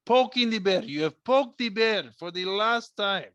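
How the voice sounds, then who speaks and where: A man's voice: high voice, monotone, normal speed, gravelly, fairly bright tone, no echo, highs cut off, voice pushed up. A man voicing a blustering male Russian sympathizer with a thick put-on Russian accent, scolding the listener. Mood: indignant. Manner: indignant, lecturing.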